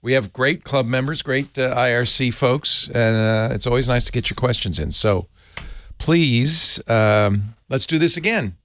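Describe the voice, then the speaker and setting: A man hosting a podcast in an easygoing way, thanking listeners and leading into segments with drawn-out fillers. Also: medium pitch, fairly bright tone, no echo. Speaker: podcast host.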